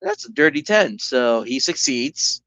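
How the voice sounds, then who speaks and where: A man's voice: medium pitch, very animated, unhurried, creaky, a bit bright, no room sound. A man running a solo tabletop game, narrating casually with rambling, self-correcting speech. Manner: rambling, full of "like" and restarts. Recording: dull lo-fi recording.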